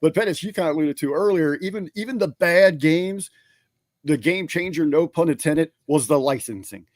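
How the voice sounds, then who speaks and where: Animated man host, dry close sound. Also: on the high side, normal speed, no echo. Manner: animated, repeats words when excited. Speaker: podcast co-host. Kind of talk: casual chat.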